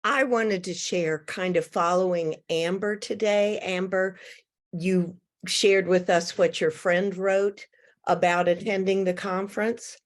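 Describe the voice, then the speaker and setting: A woman's voice: lowish voice, fairly even intonation, slow. An older woman speaking heartfelt and close to tears, sharing feedback in a casual video-call chat. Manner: tearful, heartfelt.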